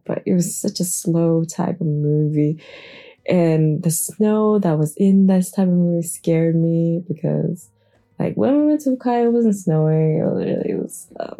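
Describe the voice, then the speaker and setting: A woman's voice: lowish voice, warm tone. A young woman rambling casually on an early morning, chatty and giggly, a little groggy, swearing freely. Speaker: podcast host. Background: faint background music.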